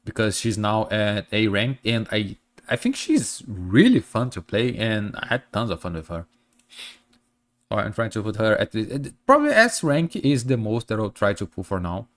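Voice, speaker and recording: A man's voice: lowish voice, animated, normal speed, fairly bright tone. A man streaming casually, speaking English as a second language with a stuffy blocked nose, chatting to his viewers with many fillers and restarts. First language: not English.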